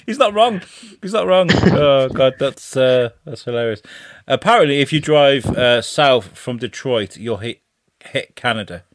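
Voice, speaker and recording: A man's voice: mid-range voice, dry recording, studio quality. A man with a British accent, co-hosting a podcast in casual, swearing banter, laughing often. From England. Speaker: podcast co-host.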